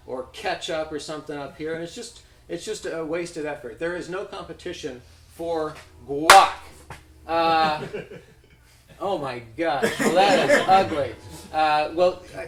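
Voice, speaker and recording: A man improvising a comic business pitch, hesitant and full of fillers, often chuckling at himself. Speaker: pitch presenter. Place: event room. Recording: echoey room with background noise.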